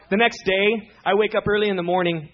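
A man preaching a sermon, telling a personal story in an animated, emphatic way. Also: sits high. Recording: dull lo-fi recording.

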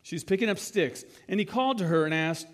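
A man with a fairly high voice preaches in a church. He talks to his listeners directly and conversationally. He retells scenes in his own words and asks them rhetorical questions. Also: animated, brisk, big-room sound. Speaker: pastor. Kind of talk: sermon.

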